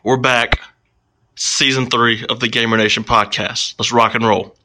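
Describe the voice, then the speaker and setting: A young man co-hosting a casual gaming podcast, loud and hyped, swearing freely and breaking into song. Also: medium pitch, flat delivery, normal speed. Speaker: podcast co-host.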